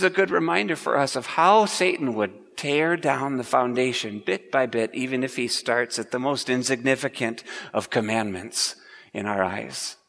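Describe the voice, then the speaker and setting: Bright-voiced preaching pastor, church echo. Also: male voice, mid-range voice, moderate pace, vocal fry. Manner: earnest, emphatic preaching. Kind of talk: sermon. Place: church sanctuary. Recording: long church reverb.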